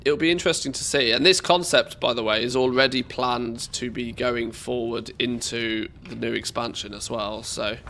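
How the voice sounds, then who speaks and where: Stuffy nasal guy rambling on stream, gravelly edge, bright tone, cracks dry jokes. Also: medium pitch, steady tone, moderate pace, few pauses. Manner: rambling, with stumbling restarts and dry joking. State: congested from a cold. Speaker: game streamer. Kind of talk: casual live-stream commentary while playing.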